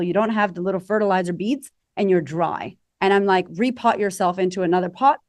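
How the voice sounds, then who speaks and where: A woman's voice: mid-range voice, darkish tone, dry recording, studio quality. A woman confidence coach talking animatedly as a podcast guest, acting out quoted voices. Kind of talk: podcast interview.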